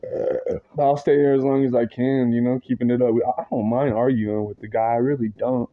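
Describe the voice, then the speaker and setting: A man's voice: medium pitch, steady tone, a little fast. A man ranting agitatedly in a rambling, profane monologue full of slang, his words tumbling into restarts. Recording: dull lo-fi audio.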